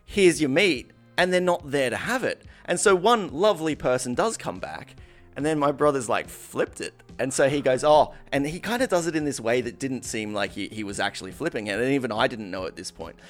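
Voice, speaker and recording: A man's voice: mid-range voice, brisk, faint music behind. A man telling a long anecdote in casual chat, swearing freely and acting out what people said. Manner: animated, swearing, acts out quoted voices.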